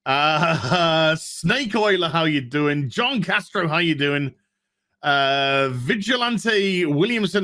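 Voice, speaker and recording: A man's voice: fairly high pitch, very animated, slow pace, pushed and bright. A man hosting a casual live stream, chatting and greeting viewers in the chat one by one.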